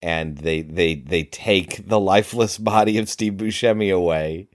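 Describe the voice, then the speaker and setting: A man's voice: low-pitched, measured pace, dry recording, studio quality. A man co-hosting a podcast who recaps a movie in casual chat and goes off on explanatory trivia tangents. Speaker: podcast co-host.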